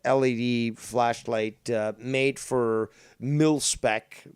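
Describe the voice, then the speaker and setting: A man's voice: medium pitch, steady tone, extremely slow, a little mellow, smooth, no room sound. Rambling Canadian man, dry close mic. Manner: rambling, full of ums and restarts, swears casually. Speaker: guest. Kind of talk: casual podcast chat.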